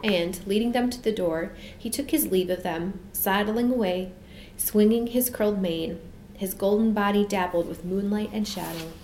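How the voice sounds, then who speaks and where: A woman narrating a children's storybook in a measured, expressive reading, recorded in an echoey room. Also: mid-range voice, a little hiss or hum. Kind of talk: storybook read-aloud.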